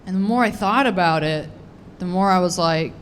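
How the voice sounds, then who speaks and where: A woman's voice: on the low side, normal speed, a little hiss or hum. A woman in her thirties doing a rambling, crude, self-deprecating stand-up set on a comedy club stage.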